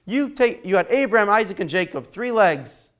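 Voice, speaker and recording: In a relaxed Torah class, a man talks with his students, calling on them by name for questions and frequently asking "right?" His high voice is very animated and fairly bright, at a normal speed.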